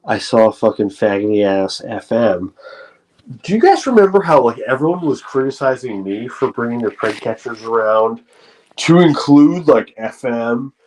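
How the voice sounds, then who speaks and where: A man's voice: mid-range voice, animated, normal speed, darkish tone, poor audio. A man hosting a livestream, talking in a rambling, profane way with frequent restarts. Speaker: livestream host. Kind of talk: casual livestream rant.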